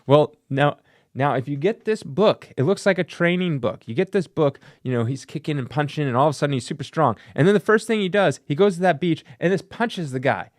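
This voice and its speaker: A man's voice: a little high, brisk, no echo, clean studio sound. A man giving casual, sarcastic commentary on vintage comic book ads, laughing at what he reads. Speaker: comic book collector and YouTuber.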